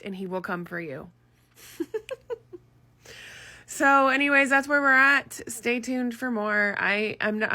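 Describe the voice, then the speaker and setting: A woman's voice: on the low side, creaky. A woman telling the story of her son's progress in a casual vlog, earnest and emotional as she recounts each moment. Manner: earnest, emotional retelling with lively quoted voices.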